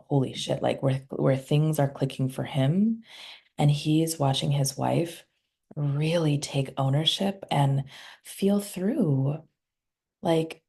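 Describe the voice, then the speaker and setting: A woman speaks as a podcast guest, a somatic healer recalling a couples session. Her voice sits low and warm with a gravelly, slightly husky edge. She retells the story conversationally and voices the people in it as she goes. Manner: recounts client sessions, acting out quoted dialogue.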